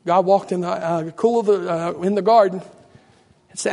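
Hoarse, fervent high-voiced preacher man. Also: fairly even intonation, moderate pace. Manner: fervent, repeats "Lord" in prayer, builds to shouting. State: hoarse, losing his voice. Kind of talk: sermon.

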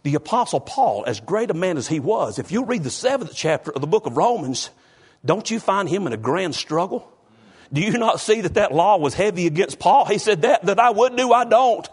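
A man's voice: high voice, sing-song, brisk, breathy edge. A man preaching a sermon, fervent and calling out members of the congregation by name. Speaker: pastor.

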